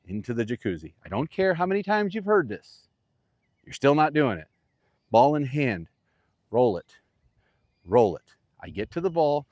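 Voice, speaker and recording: Lively, playful man coaching golf outdoors. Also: medium pitch, dry recording. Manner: playful, animated coaching with vivid imagery. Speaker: golf instructor. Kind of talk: on-course golf tutorial.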